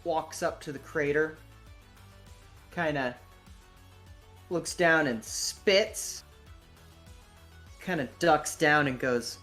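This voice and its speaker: A game master narrating a tabletop session at an unhurried pace. The telling is casual and rambling, packed with swearing and fillers. Faint music sits in the background. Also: mid-range voice, a bit bright.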